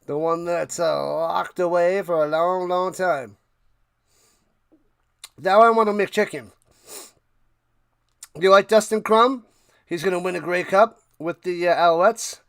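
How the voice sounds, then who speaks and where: A man streaming live play-by-play of a football game, chatting casually with viewers and getting loud on big plays, with a tickle in his throat. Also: sits high, gravelly, clear, resonant tone, no room sound, studio quality. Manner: thanks chat viewers by name between game calls; rises loud and fast calling big plays. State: clearing his throat and coughing.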